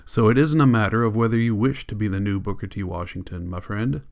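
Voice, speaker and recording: A man's voice: on the low side, steady tone, fast talker, a little mellow, natural voice. A man reading an audiobook, voicing a cold, commanding political leader who lectures in an icy, insistent way. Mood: lecturing.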